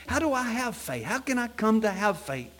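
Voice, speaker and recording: A man preaching an evening sermon in a church, reading scripture in old-fashioned wording and swinging between loud emphatic peaks and low, soft passages. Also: very animated, moderate pace. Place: church sanctuary at an evening service.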